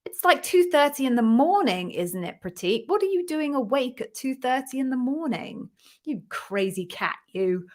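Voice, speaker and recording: A woman's voice: sits high, sing-song, normal speed. An English woman hosting a live Q&A stream from a home office, greeting viewers in a chatty, upbeat way. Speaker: interview coach hosting a live Q&A. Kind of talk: casual live-stream chat. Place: home office with a ring light.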